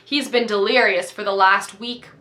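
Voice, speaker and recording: A woman's voice: medium pitch, fairly even intonation, normal speed, sharp tone, echoey room, lightly acted. A woman reading aloud and voicing a cold, defensive female warden. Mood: dismissive. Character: cold, lying female prison-camp warden.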